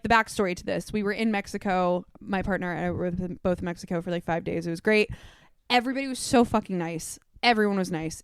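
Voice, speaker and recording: A woman in her twenties hosting a podcast, telling animated stories to old friends over dinner and swearing freely. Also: mid-range voice, clear, resonant tone, no echo, clean studio sound. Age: 20s. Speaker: podcast host. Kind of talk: casual chat among friends. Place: dinner table at home.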